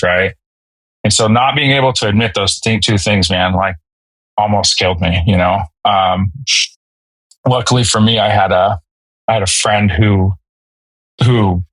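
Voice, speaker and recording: A man in his thirties, a podcast guest telling a personal story in a halting, emotional way with many fillers and restarts. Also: fairly low pitch, fairly bright tone, no room sound, rough recording. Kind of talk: candid storytelling.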